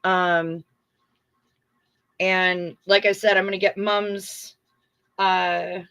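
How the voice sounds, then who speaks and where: A woman's voice: lowish voice, little pitch movement, drawn-out words, background noise. A middle-aged woman hosting a livestream in casual chat, effusive and chatty as she reads viewer comments aloud. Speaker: livestream host.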